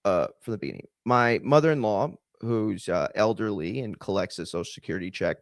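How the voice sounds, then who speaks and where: A man hosting a podcast, telling a long story in a casual, profane, animated and digressive way. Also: fairly low pitch, a little fast, no room sound. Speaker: podcast host.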